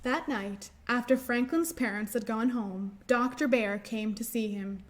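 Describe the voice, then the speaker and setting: A woman librarian reads a picture book aloud and leads young children in finger rhymes, gentle and encouraging in a sing-song way. Her pitch is fairly high and her pace measured.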